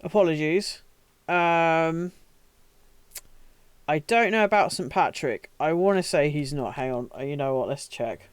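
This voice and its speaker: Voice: medium pitch, measured pace, pauses often, clean tone, no echo. A British streamer chatting casually on a live stream, rambling, swearing often and making self-mocking asides. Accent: British English. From Britain.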